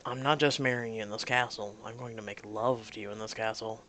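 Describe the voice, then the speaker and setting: A man voicing an earnest, loving young groom in a story game, gently and sincerely. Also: lowish voice, fairly even intonation, a little fast, soft background music. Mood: tender.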